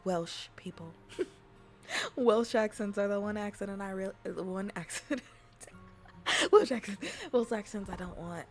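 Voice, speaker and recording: A woman streamer chatting casually in a soft ASMR style, rambling and giggly, often dropping into whispers. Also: mid-range voice, measured pace, faint music behind.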